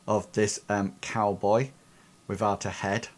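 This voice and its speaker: A man's voice: on the low side, flat delivery, slow pace. A man narrating a tabletop game as game master, hesitant and full of restarts. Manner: hesitant, lots of fillers and restarts.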